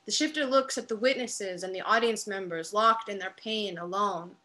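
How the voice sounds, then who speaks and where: A woman narrating stage directions in a dramatic play reading, measured and quiet. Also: mid-range voice. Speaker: playwright reading her work.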